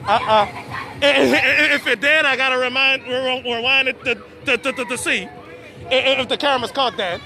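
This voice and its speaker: A man's voice: very high voice, normal speed. A man live-streaming a family party outdoors, chatting to the camera and often stammering and repeating words. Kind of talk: casual live-stream commentary. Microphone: handheld phone camera. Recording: noisy outdoor phone stream with crowd.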